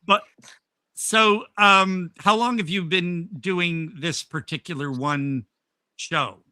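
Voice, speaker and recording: A man hosting a horror podcast interview, enthusiastic and quick to laugh in casual chat. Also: high-pitched, steady tone, bright, forceful tone, smooth, no room sound. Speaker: podcast host.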